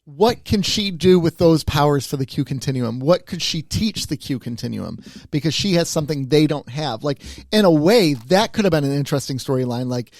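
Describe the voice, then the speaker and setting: Gravelly guy on a podcast, lots of ups and downs in his voice, dry close mic, thinking out loud. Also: on the high side, animated, a little fast, dry recording. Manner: musing, thinks aloud with many "right?" tags. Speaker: podcast co-host. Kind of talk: casual chat.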